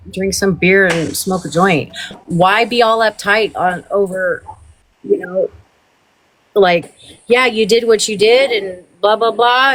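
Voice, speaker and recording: A woman's voice: medium pitch, fairly bright tone. A woman hosting a livestream, in a heated, profane and rambling rant. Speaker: livestream host.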